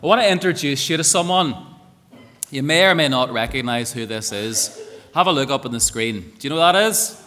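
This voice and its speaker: A man's voice: mid-range voice, expressive, fairly quick, bright, forceful tone, a little hiss or hum. A man leading a school assembly, upbeat and asking the children questions. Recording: echoey hall reverb.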